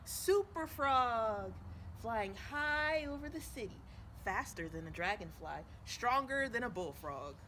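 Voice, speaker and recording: A woman voicing an excitable young boy frog in a storybook, exclaiming eagerly over a noisy background. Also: fairly high pitch, takes it slowly, full character voice. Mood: excited.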